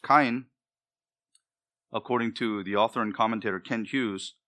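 A man's voice: on the low side, moderate pace, bright, forceful tone. A male pastor preaching a sermon, with emphatic delivery that rises and drops for emphasis.

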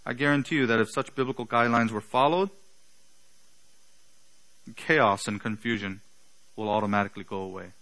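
A male pastor preaching a sermon. He speaks slowly and deliberately with a slight non-native accent and poses emphatic rhetorical questions. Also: lowish voice, fairly even intonation, bright, forceful tone, poor audio.

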